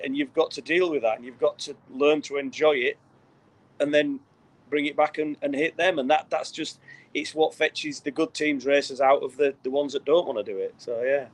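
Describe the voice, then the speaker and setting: A man's voice: a little high, poor audio. A man, a visiting speedway driver and father, talking earnestly in a casual interview and repeating points for emphasis.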